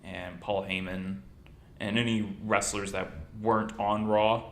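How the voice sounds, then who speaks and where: Man, podcast host, low voice, joking storyteller, roomy echo. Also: measured pace, a little hiss or hum. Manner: animated storyteller, jokey. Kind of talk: casual chat.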